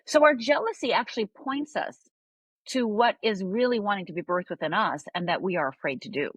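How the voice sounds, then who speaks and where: A woman's voice: mid-range voice, a little fast, breathy edge, dry recording. A woman coach on a podcast interview, telling a story animatedly and often adding "right?". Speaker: life coach guest.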